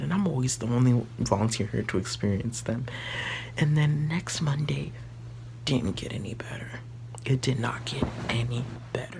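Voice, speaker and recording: A young adult telling a story in a soft-spoken, hushed way, often near a whisper, rambling with many fillers and restarts. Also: medium pitch, normal speed, gravelly, slight background noise.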